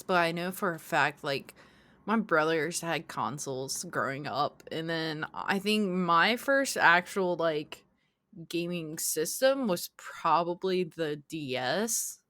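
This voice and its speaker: Slow-talking, low-voiced woman. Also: no room sound. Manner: relaxed, unhurried, laughing at herself. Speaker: podcast co-host. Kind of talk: casual chat.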